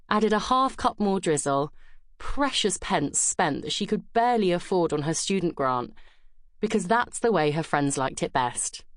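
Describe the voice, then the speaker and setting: Woman, audiobook narration, slow, lowish voice, dry close studio sound. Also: no room sound. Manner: measured, gentle storytelling. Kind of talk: scripted narration.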